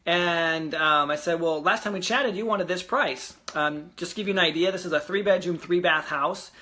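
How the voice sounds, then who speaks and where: A young real estate investor vlogger records a casual video diary at home about a house deal, rambling with fillers and quickly getting frustrated. His voice sits high, with a moderate pace and a sharp tone.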